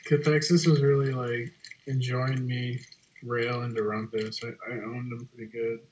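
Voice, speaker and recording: Man, video call guest, laid-back, rambling, filler words, mid pitch. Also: little pitch movement, normal speed, slight background noise, low-quality recording. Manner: laid-back, lots of likes and trailing off. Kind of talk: casual online hangout chat.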